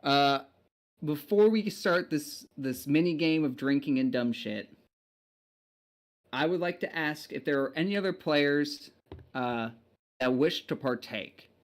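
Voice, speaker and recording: Guy running a tabletop game, rambly, lots of likes and uhs, higher voice. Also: animated, measured pace. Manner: casual, rambling with many fillers. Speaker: game master.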